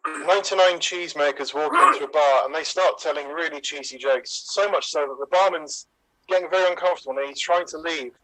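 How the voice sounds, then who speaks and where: A man's voice: fairly high pitch, a little fast, bright, forceful tone, poor audio. A man, an improv player, telling long, rambling pun jokes with self-aware asides.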